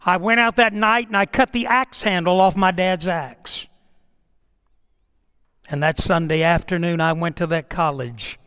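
A man's voice: high voice, a little slow, sharp tone, smooth, big-room sound. A middle-aged man, a pastor telling a story in a sermon with emphatic, dramatic delivery.

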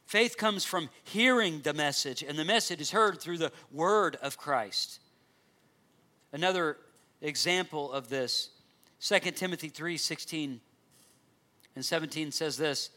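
A man preaching with a high, bright, forceful voice. He delivers an earnest sermon, reading scripture aloud and explaining it. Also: measured pace. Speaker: pastor.

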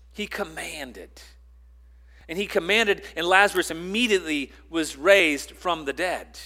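Male pastor, higher register, preaching with swelling emphasis and hushed drops. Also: a little slow. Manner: emphatic, swings from loud to quiet; repeats words and restarts phrases. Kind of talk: sermon.

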